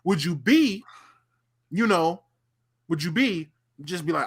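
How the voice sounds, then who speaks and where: A man co-hosting a podcast in casual chat, an animated storyteller who repeats himself and uses lots of fillers. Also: sits high, measured pace, long pauses, husky. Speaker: podcast co-host.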